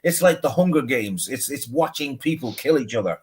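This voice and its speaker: A man's voice: medium pitch, lively intonation, brisk, slightly rough. A man in casual podcast chat, opinionated and profane, often restarting his sentences. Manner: opinionated, swearing, hesitant restarts.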